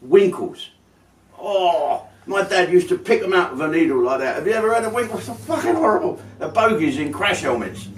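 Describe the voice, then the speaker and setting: Sweary man ranting, lively pitch. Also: normal speed. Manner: sweary, mock-outraged, rambling. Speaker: host. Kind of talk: comic rambling monologue. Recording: roomy sound from a distance.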